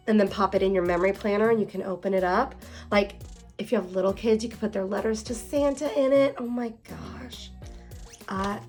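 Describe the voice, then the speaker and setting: A young woman talks through an unboxing in a loose, casual way, gushing over each item and breaking into excited exclamations. Her voice sits at a middle pitch. Soft music plays quietly behind her. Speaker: planner unboxing vlogger.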